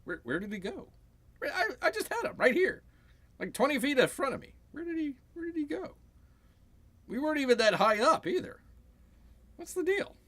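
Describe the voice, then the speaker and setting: A man's voice: sing-song, normal speed, long pauses, fairly bright tone, full character voice. A man voicing a bewildered enemy helicopter pilot who stammers and panics as he loses sight of his target. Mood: baffled. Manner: flustered, stammering, pitch rising in panic.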